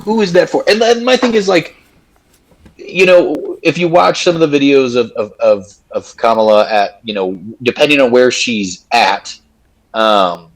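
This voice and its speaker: A man's voice: medium pitch, moderate pace, rough recording. A man co-hosting a political podcast in casual chat, blunt and profane, repeating himself as he restarts. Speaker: podcast co-host.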